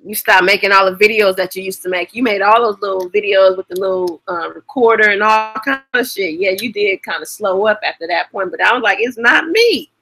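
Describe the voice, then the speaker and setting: A woman co-hosting a casual chat, telling lively stories and cursing freely. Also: medium pitch, a little fast, hardly any pauses. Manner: lively storyteller, curses freely. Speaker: co-host.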